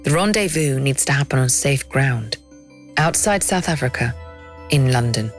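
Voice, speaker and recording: A woman giving scripted documentary narration in a measured, dramatic storytelling manner. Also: rumbling low, lively intonation, faint music behind.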